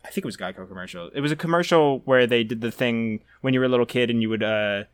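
A man's voice: medium pitch, quick pace, smooth, no room sound, studio quality. A young man hosting a podcast, telling rambling stories in casual chat. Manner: rambling storyteller, animated when retelling scenes. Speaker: podcast host.

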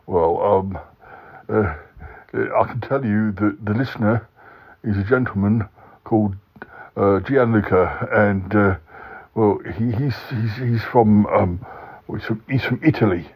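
A man's voice: lowish voice, measured pace, husky. A man voicing a timid, fussy yeti uncle who stammers and dithers through every sentence. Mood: dithering. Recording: dull lo-fi recording.

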